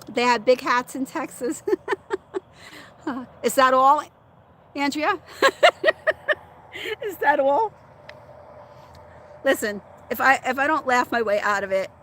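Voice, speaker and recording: Talking directly to her viewers, a middle-aged woman runs a relaxed, chatty livestream, laughing often and responding to commenters by name from the chat. Her voice is slightly high for a woman, and a faint hum of noise sits underneath.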